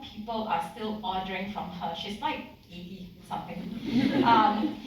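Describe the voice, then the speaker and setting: A woman's voice: mid-range voice, a little slow, slight background noise. A woman in her thirties, from Singapore, giving a heartfelt personal speech to an audience at a community event. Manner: heartfelt, slightly emotional. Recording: echoey hall mic from some distance.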